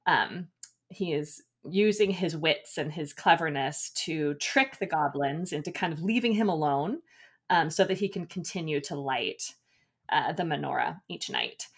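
A woman's voice: deep voice, a little slow, breathy edge. A woman with a young son, hosting a casual chat about a picture book, enthusiastic and rambling, with many fillers and restarts. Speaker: podcast host reviewing a picture book.

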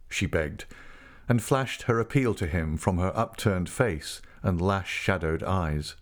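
A man reading a classic novel aloud as narrator, measured and deliberate. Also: low-pitched. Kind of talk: audiobook reading.

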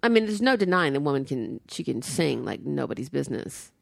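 A woman's voice: rumbling low, very animated, a little fast, vocal fry, dry recording, clean studio sound. A woman co-hosting a casual chat show, talking loosely with frequent fillers and laughs. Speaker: podcast co-host.

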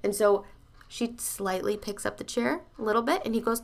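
A woman's voice: mid-range voice, fast talker, gravelly. A woman hosting a motivational podcast, speaking emphatically and bluntly, swearing freely and addressing her listeners directly. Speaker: podcast host and coach.

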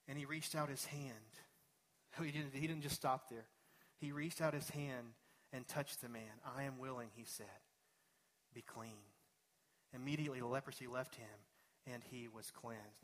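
A man's voice: mid-range voice, a bit bright. A male pastor preaching a sermon, talking conversationally and building up to emphatic peaks.

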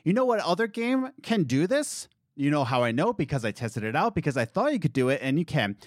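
A man hosting a casual podcast chat, talking in an animated, joking way with restarts and asides. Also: on the high side, fairly quick, dry recording, clean studio sound. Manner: animated, jokey, wordy with restarts. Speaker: podcast host.

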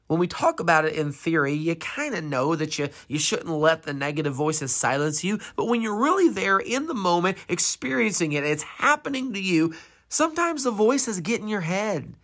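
A preacher retells a Bible story in a sermon. The pitch moves a great deal. Rhetorical questions and dramatic emphasis carry the story forward. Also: very animated, moderate pace, a bit bright.

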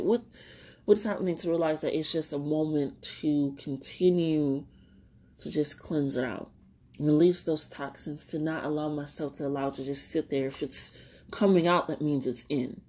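A woman with a low voice talks through her thoughts in a loose, rambling podcast monologue. She is candid and swears freely, laughing often, and at times she sounds tearful. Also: dark tone. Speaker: podcast host. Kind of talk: reflective solo podcast monologue.

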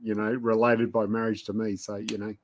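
A man's voice: lowish voice, flat delivery, fairly quick. Laid-back middle-aged man. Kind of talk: casual chat over drinks.

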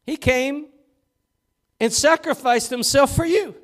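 A man preaching a sermon as pastor in a church, fervent and swinging from loud to hushed. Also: very high voice, lively intonation, normal speed. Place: church sanctuary.

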